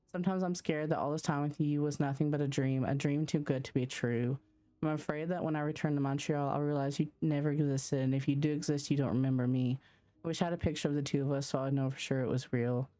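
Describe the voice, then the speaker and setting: Young woman in love writing letters, low and mellow, soft and wistful , read by a woman streamer. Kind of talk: reading game letters aloud.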